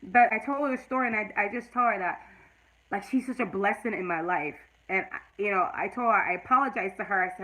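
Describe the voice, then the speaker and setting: A woman's voice: medium pitch, brisk, sharp tone, low-quality recording. A woman in her forties talking to her live chat in a personal vlog, earnest and at times tearful, then emphatic and preachy. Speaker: YouTube vlogger.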